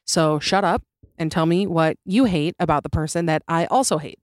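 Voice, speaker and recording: A woman's voice: low voice, moderate pace, no echo. A young woman hosting a comedy podcast, talking in an opinionated, sarcastic way and laughing easily, recorded close in a small room. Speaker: podcast host. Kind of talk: casual comedic podcast monologue.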